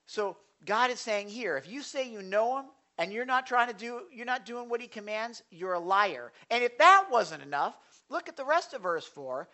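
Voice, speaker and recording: A man preaching a sermon as pastor of a church, animated, swinging between quiet asides and loud, forceful delivery, speaking into a stage microphone in a church sanctuary. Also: very high voice, normal speed.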